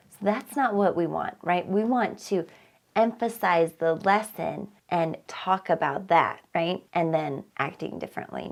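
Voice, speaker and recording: Low gravelly woman teaching test prep. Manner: reads passages aloud and talks through answers, asks "right?". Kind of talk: explaining test questions.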